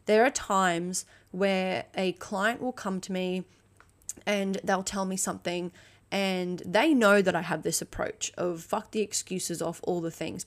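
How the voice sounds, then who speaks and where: A woman coach giving a motivational solo podcast talk, blunt and emphatic, swearing freely and checking in with "okay?". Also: medium pitch. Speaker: fitness and mindset coach.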